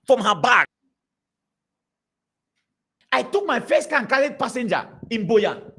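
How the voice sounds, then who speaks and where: A man preaching to a congregation, telling stories in an animated, repetitive way. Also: extremely high pitch, unhurried. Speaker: pastor.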